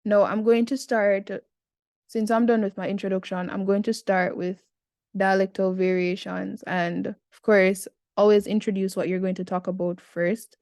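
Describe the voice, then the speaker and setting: A woman's voice: medium pitch, level tone, normal speed, darkish tone, no echo, studio quality. A Jamaican woman in her twenties, talking through an essay in a casual, chatty tutorial with slangy asides. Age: 20s.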